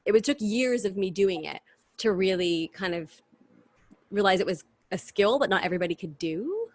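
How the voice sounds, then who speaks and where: A woman's voice: mid-range voice, animated, moderate pace, dry recording. A woman in her thirties, a stage performer, chatting animatedly about her career in a casual interview over a video call. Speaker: guest performer.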